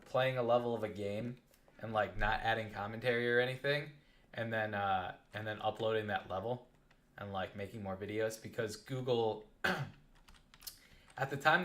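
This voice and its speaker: A young adult man telling a rambling, animated story while playing a game on a live stream. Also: fairly low pitch.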